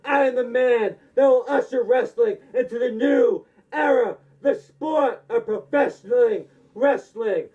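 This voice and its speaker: A man's voice: extremely high pitch, measured pace, few pauses, darkish tone, pitched above the performer's own voice. A man impersonating a boastful male wrestling champion, proclaiming defiantly in a dull, lo-fi recording.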